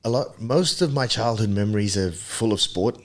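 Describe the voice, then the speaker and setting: A man in his thirties from Papua New Guinea, a podcast guest telling his story in a relaxed, reflective way with many ums and restarts. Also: fairly low pitch, normal speed, slight background noise. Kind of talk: casual interview chat.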